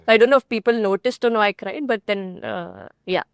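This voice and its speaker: A woman's voice: medium pitch, creaky, smooth, no echo. A young woman with an Indian accent, a guest telling her personal story candidly and earnestly in an interview. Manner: rapid, earnest retelling with quoted dialogue. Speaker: guest cricketer.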